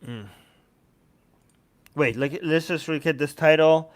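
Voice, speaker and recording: A man's voice: a little high, slow pace. A man giving heated, profane political commentary as a co-host, ranting angrily and swearing often.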